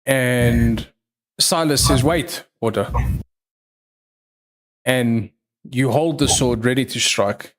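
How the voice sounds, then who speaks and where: Male game master for a livestreamed tabletop game. Slow, deliberate storytelling with a mid-range voice. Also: medium pitch. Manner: slow, measured storytelling with pauses. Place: online livestream.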